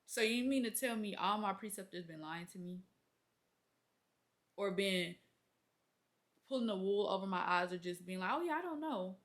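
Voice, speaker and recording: A woman's voice: medium pitch, normal speed, long pauses. Exasperated young woman ranting to camera. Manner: exasperated, animated storytelling with acted-out quotes. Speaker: labor and delivery nurse, vlogger. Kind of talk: casual venting rant to camera.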